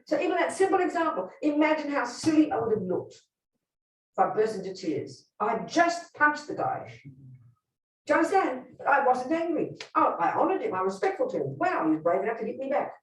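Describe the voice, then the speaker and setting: A woman's voice: high voice, sing-song, moderate pace. A woman teaches a room of listeners as a Buddhist nun, her voice swinging widely up and down as she drives each point home. She talks plainly and emphatically, often turning to ask the group whether they follow. She stands some distance from the microphone in a roomy, echoing hall. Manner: emphatic, blunt storytelling with direct questions to listeners. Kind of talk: teaching talk to a live group. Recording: roomy hall, speaker away from the mic.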